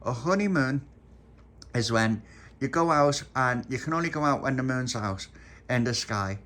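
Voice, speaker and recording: A man voicing a sentimental woman bridesmaid in a high, gushing sing-song voice for a homemade storybook. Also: expressive, normal speed, fairly bright tone, lightly acted. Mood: explaining. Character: fussy excitable grown woman bridesmaid, sentimental.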